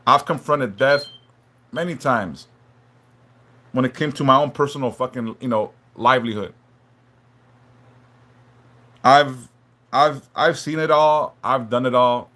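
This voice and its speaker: A man hosting a live stream, talking haltingly and emotionally, stumbling and repeating words, swearing a lot and apologizing for opening up. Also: medium pitch, a bit bright. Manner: apologetic and openly vulnerable. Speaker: livestream host reading chat.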